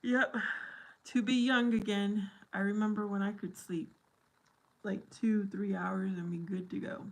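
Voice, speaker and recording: A middle-aged woman chats with her viewers in an unhurried, gravelly voice. She sounds silly and giggly, at ease with her audience. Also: mid-range voice, fairly even intonation. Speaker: livestream host. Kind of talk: casual chat with viewers.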